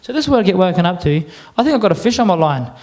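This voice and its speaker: An Australian man presenting to a live audience, chatty and a little croaky, getting the crowd to repeat words back. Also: sits high, sing-song, very fast, a little mellow. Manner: chatty, quizzes the crowd with call-and-response. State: a bit croaky. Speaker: cultural presenter. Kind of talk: lively audience address.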